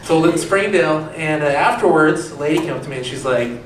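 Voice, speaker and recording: A man's voice: a little high, fast, background noise. A young man performing a self-deprecating stand-up comedy set, chatting with and quizzing the crowd, recorded in a comedy club with audience laughter behind him. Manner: conversational, self-deprecating, asks the crowd questions. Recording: echoey club heard from a distance, crowd laughing.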